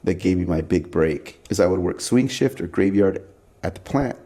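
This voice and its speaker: Gravelly, low-voiced man telling stories. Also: normal speed. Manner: animated, acts out quoted people with jumps in pitch; loose and chatty, many "like" fillers. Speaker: podcast guest, pinstripe artist. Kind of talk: casual storytelling conversation.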